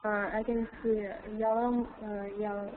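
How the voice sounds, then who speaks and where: A woman's voice: mid-range voice, flat delivery. Hesitant woman student on a phone line. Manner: hesitant, many pauses. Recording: phone-like line with a crowd behind.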